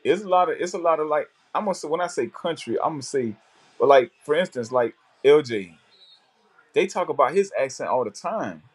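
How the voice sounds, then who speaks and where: A man's voice: a little high, animated, fairly quick, husky. A man with a South Florida accent chatting casually, repeating himself as he searches for words. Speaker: co-host. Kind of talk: casual chat.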